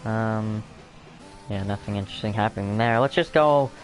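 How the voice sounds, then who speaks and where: A man's voice: fairly low pitch, normal speed, soft background music. A man casually commentating a sim race, rambling and apologetic, snacking between remarks. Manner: rambling, self-deprecating, talks while eating.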